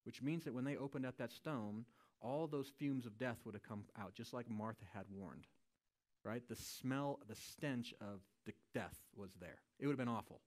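A man's voice: medium pitch, moderate pace, darkish tone. A man preaching a sermon in a casual, conversational way, often checking in with a questioning "right?". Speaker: pastor.

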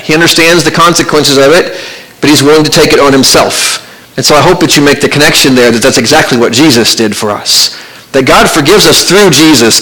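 A man's voice: on the high side, fairly bright tone, poor audio. Earnest male pastor preaching. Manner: earnest, conversational preaching with pauses. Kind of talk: sermon.

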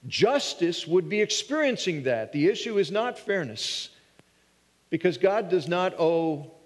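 A man's voice: sits high, very animated, a little slow. A man preaching a sermon in an earnest way, thinking through hard questions aloud and sometimes restarting a phrase. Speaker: pastor. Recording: long hall reverb.

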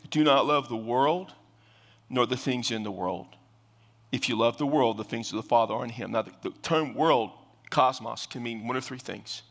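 An older male pastor with a bright, forceful voice teaches scripture in a relaxed, conversational sermon. He often restarts his phrases and leans on fillers as he explains. His voice carries with a long reverb, as from a large hall. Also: mid-range voice.

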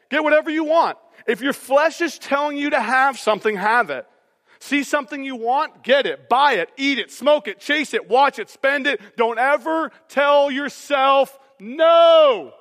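A pastor, preaching a lively sermon and tagging his lines with "okay?" and "all right?". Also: very high-pitched, normal speed, long reverb tail. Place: church auditorium.

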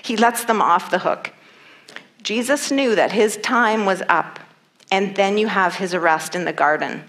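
A woman's voice: mid-range voice, a little slow, fairly bright tone. A woman preaching a sermon and reading scripture, earnest and emphatic, repeating key phrases for weight.

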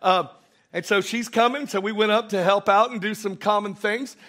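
Man, pastor, sermon, high voice, storytelling, emphatic. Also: fairly even intonation, moderate pace, fairly bright tone.

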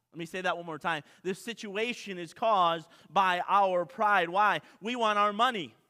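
A man's voice: high-pitched, sharp tone. A male pastor preaching a sermon with emphasis, repeating key lines and asking the congregation questions. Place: church sanctuary. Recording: long reverb of a large hall.

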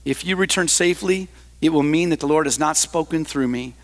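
A man reading the part of a stern, unyielding male prophet in a low, solemn delivery. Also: a little fast, lightly acted.

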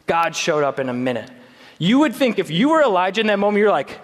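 A man's voice: high voice, big pitch swings, fast talker. Conversational preacher man in a reverberant hall. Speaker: pastor. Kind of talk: sermon.

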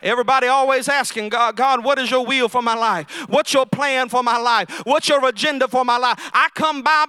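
A middle-aged pastor, preaching a sermon with rising shouts and drawn-out emphasis. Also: male voice, extremely high pitch.

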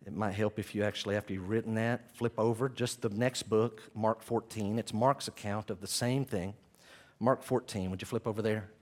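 A man preaching a sermon as pastor, swinging from loud impassioned passages to soft hushed ones, with self-deprecating asides as he reads from his notes. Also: fairly low pitch, steady tone, moderate pace.

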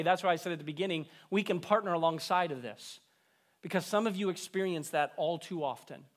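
A man preaching a sermon, rising with emphasis and dropping low at the ends of phrases. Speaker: pastor.

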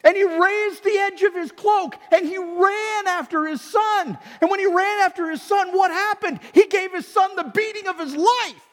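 A male pastor preaching an impassioned sermon, swinging between shouts and quiet storytelling. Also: very high-pitched, moderate pace, few pauses. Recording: long hall reverb.

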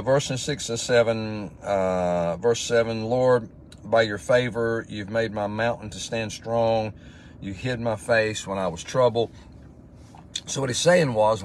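A man's voice: lowish voice, a little hiss or hum. A man, a pastor, reading Bible verses with rising emphasis and then talking about them informally. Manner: reads scripture aloud with rising emphasis, then chats informally; conversational, with fillers and restarts. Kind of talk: devotional Bible teaching.

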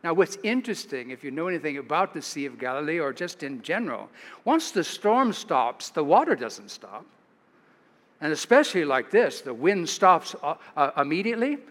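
A man with an American accent preaching a sermon, an animated, chuckling storyteller who rises for the dramatic moments. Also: on the high side, moderate pace. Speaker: pastor. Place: church sanctuary. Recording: livestream in a reverberant church.

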